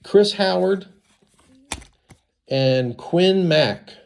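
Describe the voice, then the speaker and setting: A man with congested sinuses, unboxing baseball cards in casual commentary, reading names slowly with chatty asides. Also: sits high, expressive, gravelly, a little mellow.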